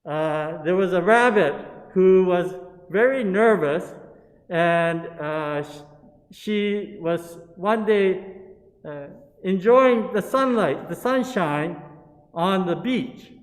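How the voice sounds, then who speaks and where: A man's voice: sits high, big-room sound. A man leading a Buddhist service, telling a story and handing out parts to participants on a video call. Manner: unhurried, coaxing storyteller who hands out parts.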